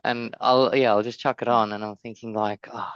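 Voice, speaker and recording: A laid-back man co-hosting a casual podcast, peppering his talk with "like" and small laughs. His voice is smooth and resonant at a middle pitch. The recording is dry and a little dull. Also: flat delivery, moderate pace, no room sound. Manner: laid-back, filler-heavy, lots of "like" and laughs. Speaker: podcast co-host. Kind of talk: casual chat.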